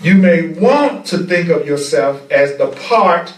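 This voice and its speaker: A man teaches a spiritual class at an unhurried, deliberate pace, returning to key phrases for emphasis. His voice sits a little high for a man. It is picked up from a distance in an echoey room. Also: animated.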